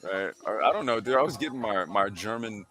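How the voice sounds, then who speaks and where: A man's voice: fairly low pitch, animated, a little fast, over music. A man hosting a casual sim racing talk show, reading history aloud with lots of fillers and slang. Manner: laid-back, slangy, reads history aloud with frequent fillers. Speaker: podcast host.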